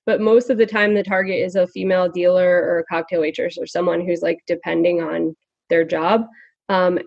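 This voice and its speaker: A woman's voice: lowish voice, level tone, moderate pace, gravelly, darkish tone, dry recording. A woman co-hosting a casual podcast, chatty and loose, full of "like" fillers. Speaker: podcast co-host. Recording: dry, dull lo-fi sound.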